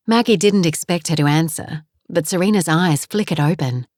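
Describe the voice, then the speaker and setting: A woman with a low voice narrates a novel as an audiobook, telling the scripted story in a calm, measured way. The studio recording is dry and close, with no room sound.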